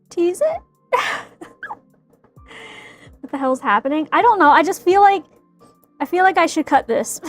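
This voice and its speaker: A woman's voice: high voice, lively intonation, normal speed, pauses often, soft background music. A woman streaming casually from an indoor workspace as she works on a craft, laughing often and exclaiming in mock fright. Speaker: streamer making a cosplay prop. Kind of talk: casual live-stream chat.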